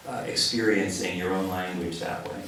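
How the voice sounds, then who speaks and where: A man in his forties, a poet, giving a poetry reading in a cafe. He tells stories in a relaxed way and acts out the lines he quotes. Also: deep voice, moderate pace, noisy background. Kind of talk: poetry reading with spoken anecdote. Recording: echoey room from a distant mic.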